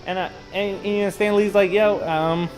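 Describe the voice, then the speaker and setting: A man hosting a casual reaction video, telling comic-book stories in animated, slangy talk and laughing at his own anecdotes. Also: high-pitched, quick pace, faint music behind, poor audio. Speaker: host.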